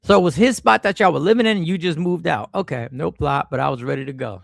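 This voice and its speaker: Livestream host, male, high gravelly voice, slangy and animated, dry close sound. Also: fast talker, no echo. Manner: animated, slangy, reacts to chat with sudden exclamations. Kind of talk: casual livestream chat reading comments. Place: airport.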